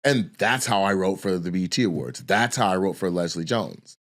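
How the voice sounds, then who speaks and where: A deep male voice, a little fast, belongs to a podcast host and comedian. He rambles through a long, profane story in a casual, animated way, often restarting.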